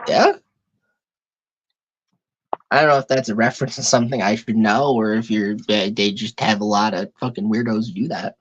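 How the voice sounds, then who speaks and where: A woman hosting a live stream, telling a story in a profane, exasperated, animated way. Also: very deep voice, normal speed, pauses often, husky. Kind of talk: casual storytelling rant. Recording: dull lo-fi stream audio.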